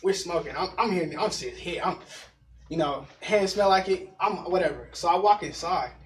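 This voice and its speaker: A man's voice: high-pitched, normal speed. A young man in his teens telling stories casually in slangy talk, often laughing. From Denver area, USA. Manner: slangy, laughing, animated storytelling. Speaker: panel guest. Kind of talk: casual storytelling. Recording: roomy sound from far off the mic.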